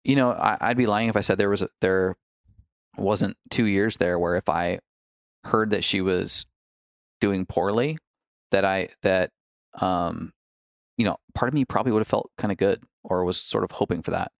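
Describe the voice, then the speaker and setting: A man with a very low, gravelly voice talks through his personal history candidly. He reflects as he goes, pausing and restarting his sentences. The sound is dry and close. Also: no echo.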